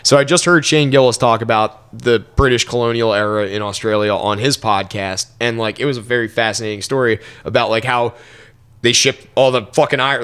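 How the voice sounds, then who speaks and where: A man's voice: medium pitch, steady tone, a little fast, fairly bright tone, clear, resonant tone. A young man co-hosting a podcast, telling loose, profane stories with lots of fillers in casual chat. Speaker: podcast co-host.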